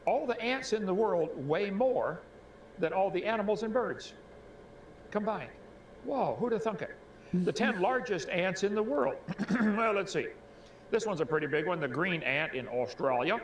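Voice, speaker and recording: A man reading out facts and asking folksy rhetorical questions, clearing his throat now and then, played back as a clip. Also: sits high, animated, normal speed. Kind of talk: reading and commenting on a creationist video. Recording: echoey clip with faint ambient noise.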